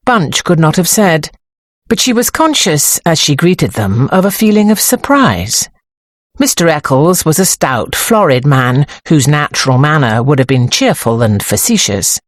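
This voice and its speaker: A woman with a low voice narrates an audiobook in a measured, expressive way. Her pitch rises and falls widely, and the close studio recording is dry. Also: no room sound. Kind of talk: scripted narration.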